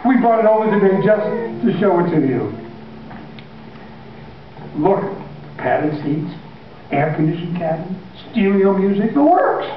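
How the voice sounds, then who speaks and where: Smug grown sons soothe and patronize in a breezy, high voice, as a preacher plays them. The voice is dull and comes from far back in a hall with heavy echo. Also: male voice, very animated, a little slow, pauses often, slight background noise.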